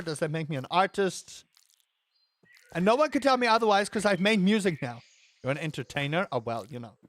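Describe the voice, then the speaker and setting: A man streaming a game, rambling and joking at his own expense while he reads and answers his chat. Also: high-pitched. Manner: rambling, self-mocking, reading chat aloud. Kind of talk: casual live-stream chat.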